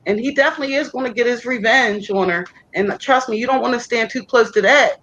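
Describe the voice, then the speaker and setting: A woman's voice: a little high, quick pace, a bit bright, lo-fi sound. A woman giving a chatty, reassuring psychic reading on a live stream, full of fillers like "you know". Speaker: psychic co-reader.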